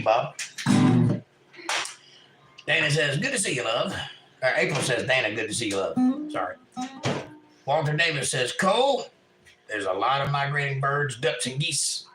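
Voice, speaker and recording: A man's voice: mid-range voice, lively intonation, normal speed, pauses often, roomy sound, loud music behind the voice, poor audio. A man hosting a casual livestream at home, reading chat messages aloud and joking with puns.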